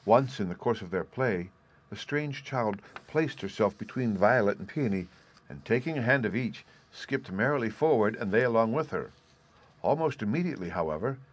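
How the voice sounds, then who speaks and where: A man narrating a storybook in a steady, measured reading. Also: lowish voice, slightly rough.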